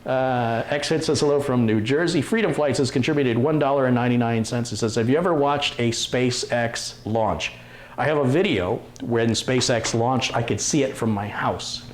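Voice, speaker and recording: A man at a middle pitch, chatting through a live stream as he reads viewer messages aloud and tosses off quick jokes. A faint hiss of room noise sits under his voice. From Detroit, USA. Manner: chatty, reads out comments with quick asides and laughs. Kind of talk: casual live stream chat reading viewer comments. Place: home computer workshop.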